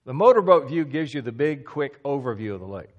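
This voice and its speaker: A man's voice: big pitch swings, brisk, muffled recording. Man preaching an emphatic teaching sermon. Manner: emphatic, repeats key phrases, drops to a low hush for stress.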